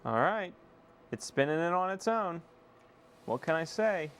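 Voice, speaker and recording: A young man casually chatting to viewers on a live stream while repairing a console, excitable and swearing freely. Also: on the high side, unhurried, slight background noise. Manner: excitable, swears, self-deprecating laughs.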